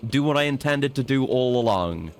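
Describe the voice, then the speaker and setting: Guy streaming a game, rambly, cusses a lot, mid-pitch voice. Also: expressive, moderate pace, slight background noise. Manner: rambling, swears casually, self-mocking. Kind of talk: casual let's-play commentary.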